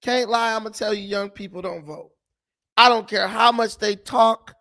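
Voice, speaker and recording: A man's voice: sits high, steady tone, moderate pace, gravelly, sharp tone. A man hosting a political commentary vlog, talking in mocking, scornful asides. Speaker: commentary host.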